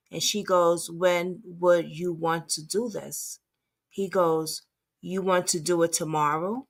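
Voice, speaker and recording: Woman commentator, slow and halting, reads chat messages aloud with her own remarks, lower voice. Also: animated, fairly bright tone. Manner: halting, stumbling reading with restarts. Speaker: advocate commentator.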